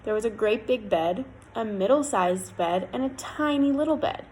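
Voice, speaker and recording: A woman storyteller reading a fairy tale aloud in an expressive, lilting way. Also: fairly high pitch, normal speed, slight background noise, rough recording.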